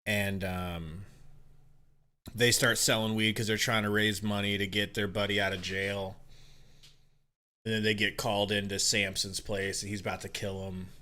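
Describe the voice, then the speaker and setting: A man's voice: on the low side, flat delivery, normal speed, bright, forceful tone. A young man co-hosting a podcast, laid-back and wry, retelling film scenes in casual chat during a live game. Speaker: podcast co-host.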